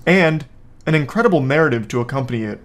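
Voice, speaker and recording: A man's voice: medium pitch, animated, fast talker, a little hiss or hum. A man hosting casual reaction commentary from home, with dry, sarcastic jokes. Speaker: commentary host.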